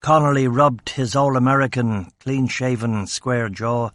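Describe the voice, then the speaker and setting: A man's voice: medium pitch, normal speed, no echo. A man narrating a crime novel in first person, with a dry, sardonic delivery. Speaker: audiobook narrator.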